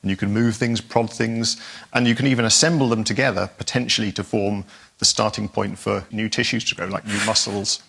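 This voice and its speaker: A man, a guest scientist, explaining his research clearly and with enthusiasm on a panel show. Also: fairly low pitch, fairly even intonation, fairly quick, a bit bright.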